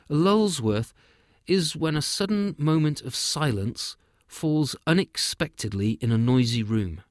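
A man's voice: medium pitch, no echo, clean studio sound. Man reading a storybook aloud. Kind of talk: storybook narration.

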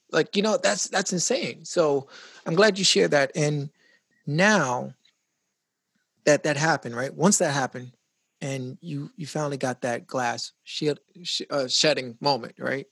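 Male host, chatty and reflective, gravelly husky voice. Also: fairly high pitch, a little slow, fairly bright tone, no echo. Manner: chatty, reflective, full of restarts. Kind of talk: casual conversation.

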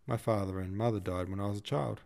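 A man reading a novel aloud, voicing a polite, deferential young man looking for work, close to his own low voice. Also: steady tone, quick pace, gravelly, darkish tone.

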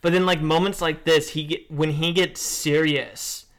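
A man's voice: fairly high pitch, fairly even intonation, measured pace, fairly bright tone. A man talking casually about an anime, emotive and rambling with many fillers. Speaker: co-host. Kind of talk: casual anime review chat.

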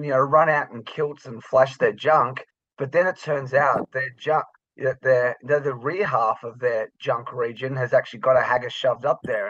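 An Australian man co-hosts a casual podcast over a remote call, joking through sarcastic exaggeration. His medium-pitched voice is a bit bright, and the audio is dull with no echo.

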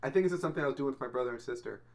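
A young man co-hosting a casual movie podcast, talking at a brisk, hurried clip. He chimes in often with quick agreement and short asides. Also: medium pitch, darkish tone.

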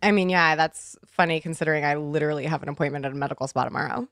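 Young female podcast co-host, blunt and slangy, somewhat low voice, dry close sound. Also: very fast, a bit bright, no room sound. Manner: slangy, blunt, swears freely. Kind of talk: casual chat.

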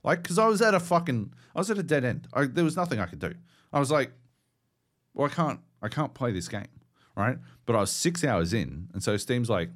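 A young Australian man co-hosting a gaming podcast, ranting and swearing through an animated story. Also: medium pitch, a little fast. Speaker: podcast co-host. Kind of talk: casual chat.

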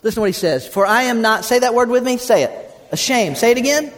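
A man's voice: very high-pitched, sing-song, fast. A man preaching a sermon, telling folksy stories and calling on the congregation to answer back. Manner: folksy storytelling, calls congregation to respond. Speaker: pastor. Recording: reverberant sanctuary.

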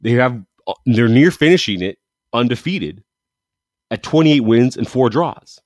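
A man's voice: mid-range voice, lively intonation, unhurried, a little mellow, no room sound, clean studio sound. Enthusiastic man hosting a football show. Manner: enthusiastic, rambling, self-correcting. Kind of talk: casual sports commentary monologue.

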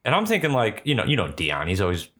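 A man's voice: fairly low pitch, wildly swooping pitch, fast talker, a bit bright. A young man casually telling a ghost story, rambling and swearing with lots of filler words.

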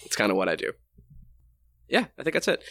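A man's voice: mid-range voice, sing-song, a little fast, a bit bright. A man hosting a casual podcast, rambling and laughing at himself as he wraps up the show. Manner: laughing, rambling, self-mocking. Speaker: podcast host.

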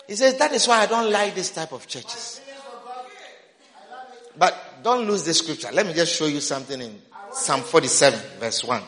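A man preaching a sermon, repeating his phrases and breaking into shouts, recorded in a church. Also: very high voice, big pitch swings, moderate pace. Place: church sanctuary. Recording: roomy hall reverb.

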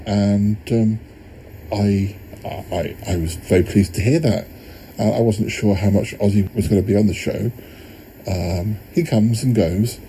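A male podcast host with a low, mellow voice talks through past episodes in a loose, rambling way. He often stops, restarts and fills the gaps with ums. Faint noise sits behind him. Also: low-quality recording. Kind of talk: casual retrospective narration.

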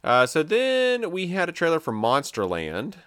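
A man from the US South co-hosting a casual, joking chat about movie trailers, full of fillers and excited asides. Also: fairly high pitch, measured pace, clear, resonant tone, dry recording. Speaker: podcast co-host.

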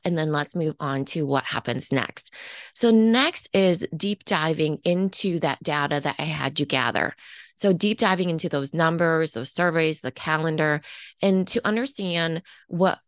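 Woman, podcast business coach, casual chatty delivery, lowish voice. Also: dry recording, clean studio sound. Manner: casual and conversational, lots of "like" and "okay". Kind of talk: guiding listeners through reflection prompts.

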